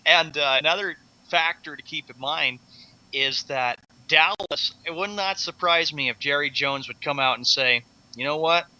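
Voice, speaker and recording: A man co-hosting a sports radio show, easygoing and quick to laugh in casual banter. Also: fairly high pitch, sharp tone, poor audio.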